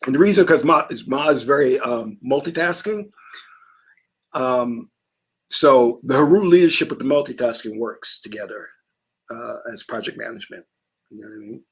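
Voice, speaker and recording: A man's voice: medium pitch, lively intonation, moderate pace, slightly rough. A man hosting a casual talk stream, telling stories in an emphatic way. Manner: emphatic storytelling. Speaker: host.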